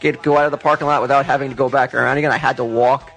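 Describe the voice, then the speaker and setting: Gravelly man telling a rambling story. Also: medium pitch, steady tone, a bit bright, rough recording. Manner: rambling, halting, with restarts. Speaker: comic shop delivery guy telling stories. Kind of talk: casual podcast storytelling.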